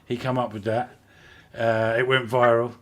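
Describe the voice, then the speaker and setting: A man with a British accent hosting a live stream, chatting excitably about films and laughing often. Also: medium pitch, normal speed. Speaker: host. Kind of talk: casual live-stream chat.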